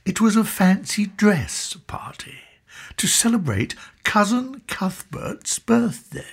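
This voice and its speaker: A woman narrating a children's storybook in an expressive, slow storytelling manner. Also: mid-range voice, creaky, husky.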